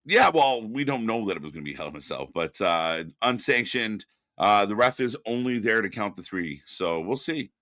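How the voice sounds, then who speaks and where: Bright, chatty man hosting a live stream. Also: on the low side, lively intonation, moderate pace, no room sound, studio quality. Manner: loose and chatty, greets viewers in the chat by name. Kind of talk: casual live reaction chat.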